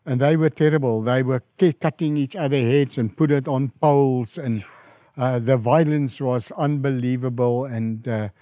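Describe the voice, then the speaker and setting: A man's voice: moderate pace, no room sound. A middle-aged man with a South African accent, a pastor telling stories from his mission work in an interview, acting out the voices of people who phoned him. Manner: animated storyteller, rises in pitch and volume acting out quoted calls. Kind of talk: storytelling in an interview.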